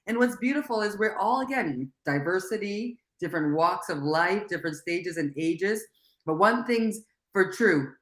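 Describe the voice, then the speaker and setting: Middle-aged female host, lively rambling chat, mid-range voice, echoey room. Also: medium pitch, normal speed. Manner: animated, rambling, laughs often. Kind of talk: casual talk show chat.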